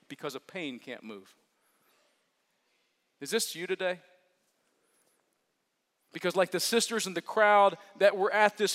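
A man preaching a sermon as pastor, earnest and repetitive, swinging from hushed to emphatic. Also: fairly high pitch. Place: large church hall. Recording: long reverb of a large hall.

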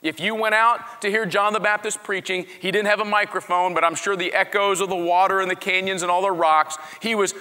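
A man delivering a sermon, moving between soft, searching questions and loud, animated outbursts. His voice is bright and forceful, pitched a little high, with a long reverb trailing off the walls of a large hall. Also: a little fast, hardly any pauses, clear, resonant tone. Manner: animated, swings from quiet to shouting. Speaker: pastor.

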